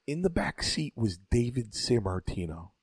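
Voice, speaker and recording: A man's voice: medium pitch, big pitch swings, normal speed, husky, dry recording. A man, a former wrestler and podcast co-host, telling a long story in a rambling, profane way with stumbling restarts. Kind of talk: casual storytelling banter.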